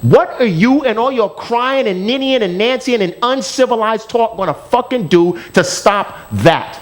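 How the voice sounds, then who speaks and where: A man's voice: very high voice, animated, a little slow. A man from the United States, co-hosting a radio show and ranting angrily with heavy profanity. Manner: angry, profane, emphatic ranting. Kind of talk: heated talk radio rant.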